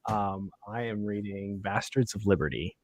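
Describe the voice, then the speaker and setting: A man co-hosting a casual podcast, speaking quietly and hesitantly over a computer mic on a call. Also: fairly low pitch, moderate pace. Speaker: podcast co-host. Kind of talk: casual chat.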